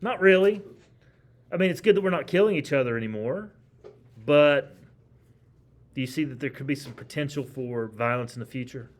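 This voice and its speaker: A man's voice: mid-range voice, moderate pace, pauses often. A man teaching a history class in a classroom. He lectures in a conversational, emphatic way and keeps putting questions to his students.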